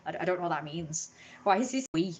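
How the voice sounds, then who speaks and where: A woman's voice: on the low side, lively intonation, fast, slight background noise. An English woman from Britain ranting in a casual live stream from home, opinionated and indignant, swearing freely.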